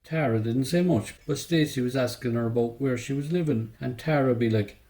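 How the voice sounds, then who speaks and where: A man's voice: medium pitch, a little fast, dark tone, low-quality recording. A man with a Cork Irish accent reading a first-person novel aloud, telling it in the loose, slangy voice of a young narrator. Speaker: audiobook reader.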